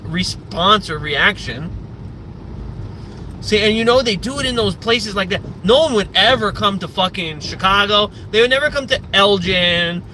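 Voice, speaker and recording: A man's voice: sits high, sharp tone, slight background noise. A man live-streaming in casual chat, rambling and profane, with lots of filler words. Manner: rambling and profane, heavy use of "like".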